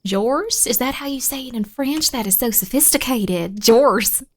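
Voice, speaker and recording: A woman streaming a spooky game, chatting playfully with viewers, dropping to whispers while searching and bursting into excited shouts. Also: sits high, a little fast. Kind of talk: casual live-stream gaming chat.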